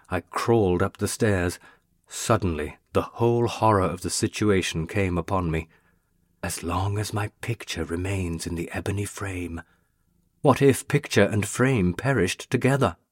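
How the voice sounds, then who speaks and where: Brief: man, very low voice, dramatic storytelling reader, dry close sound. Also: no echo. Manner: intense, brooding, expressive. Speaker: narrator. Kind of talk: dramatic first-person story reading.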